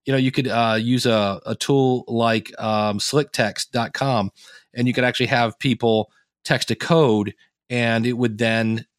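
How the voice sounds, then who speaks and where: A middle-aged man giving podcasting advice as a guest in a casual interview, telling stories in an animated way and acting out the people he quotes. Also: medium pitch, unhurried, no room sound, studio quality. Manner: animated storyteller, acts out quoted voices.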